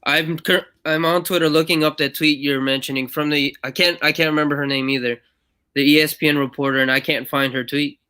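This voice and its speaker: A man's voice: fairly high pitch, fairly even intonation, a little fast, bright, forceful tone, clear, resonant tone. A man hosting a podcast in casual chat, wry and laid-back, poking fun at himself. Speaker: podcast host.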